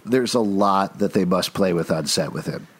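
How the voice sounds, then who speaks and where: A man's voice: deep voice, normal speed, breathy edge. A man co-hosting a casual podcast, recapping a TV episode in a wry, joking way and often restarting sentences. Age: middle-aged. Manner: wry, jokey storyteller with frequent restarts. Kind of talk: casual chat.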